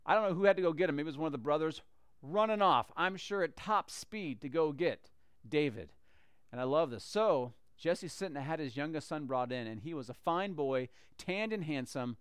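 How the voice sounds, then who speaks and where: A man's voice: fairly high pitch, animated, moderate pace, clear, resonant tone, no room sound, studio quality. A man teaching a Bible story in a casual, conversational way, acting out the characters as he goes. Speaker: church teacher.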